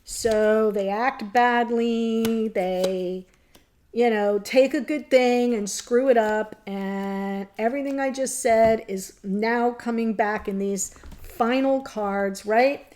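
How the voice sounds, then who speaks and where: A woman's voice: a little high, takes it slowly, a little mellow. A woman giving a tarot reading, talking straight to her viewers in an earnest, emotional way. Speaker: tarot reader. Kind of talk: casual tarot reading to camera.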